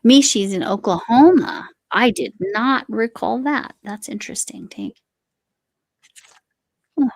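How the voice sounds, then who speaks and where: A woman's voice: a little high, lively intonation, takes it slowly, pauses often, dry recording. A woman hosting a casual live chat while she crochets, reading viewer comments aloud and talking to her cat. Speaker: livestream host.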